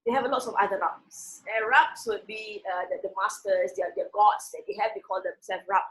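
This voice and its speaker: A woman teaches a Quran passage, reading the Arabic words slowly and with stress before explaining them in a relaxed manner with many restarts. Her voice is medium-pitched, and the audio is poor.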